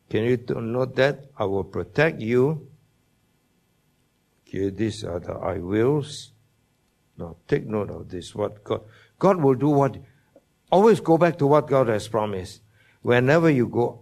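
A man with an animated, slightly mellow voice at medium pitch teaches from the Bible in a sermon. His delivery is slow and deliberate, emphatic whenever he quotes a promise, and he asks his listeners questions.

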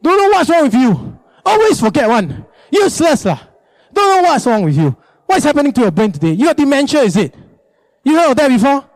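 A shrill, scolding wife with a lilt, berating her husband with loud, piercing jabs, as a preacher puts her on. The voice sits high and pushes hard. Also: normal speed, dry recording, lightly acted.

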